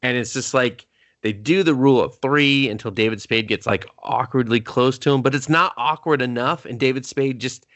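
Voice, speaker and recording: A man co-hosts a laid-back movie review show, walking through a comedy scene by scene. His talk rambles and swears, packed with "like" and restarts. The sound is dry and close, at a middle pitch. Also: normal speed, fairly bright tone, dry recording. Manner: rambling, profane, recaps plot with lots of fillers. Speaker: podcast co-host. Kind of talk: casual movie review chat.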